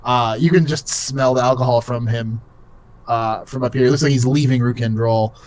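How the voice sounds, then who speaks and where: A man's voice: mid-range voice, steady tone, moderate pace, a little mellow. A young man narrating as game master in a casual, rambling way full of fillers.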